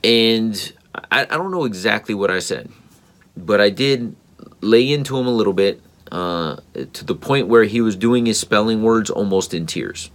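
A man's voice: on the low side, expressive, normal speed. A man in his thirties, a tired father telling a personal story in a casual, earnest, reflective way with frequent fillers and restarts. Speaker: father vlogger.

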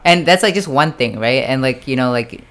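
A young man from Japan with a smooth, clear voice tells a long, meandering story to a friend. He leans hard on fillers and keeps checking in with his listener. He drops a curse word here and there. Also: medium pitch, expressive, a little fast, a bit bright. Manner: rambling, filler-heavy, sprinkled with swearing. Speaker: storyteller in a casual chat. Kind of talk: casual chat.

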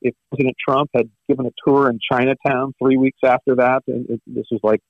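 A man appearing as a guest commentator on a talk show, speaking earnestly and haltingly, with frequent restarts. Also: mid-range voice, little pitch movement, dry recording, highs cut off. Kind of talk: conversational political talk.

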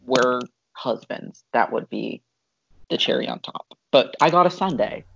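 A man co-hosting a podcast, talking frankly and dropping swears in relaxed chat. His voice has a gravelly, fried edge at a middling pitch. The audio sounds dull and lo-fi. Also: measured pace, slight background noise. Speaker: podcast co-host. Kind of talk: casual chat.

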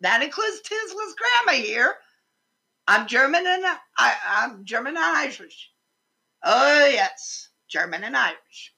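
An older American woman giving an impassioned, indignant political rant, swearing for emphasis, with a husky voice. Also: sits high, big pitch swings, a little slow, bright, forceful tone. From United States. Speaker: vlogger.

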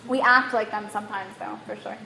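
A woman with a non-native accent giving a lively lecture to a live audience, quizzing them and often asking "right?". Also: mid-range voice, a little fast, gravelly. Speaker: workshop presenter. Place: room in Bali. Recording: echoey room, faint room noise.

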